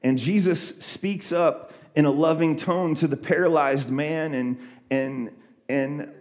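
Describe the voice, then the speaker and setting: A man's voice: on the high side, slow, a little mellow. A young adult man preaching a sermon, retelling a scripture story in a loose conversational way with many fillers and restarts. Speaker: pastor.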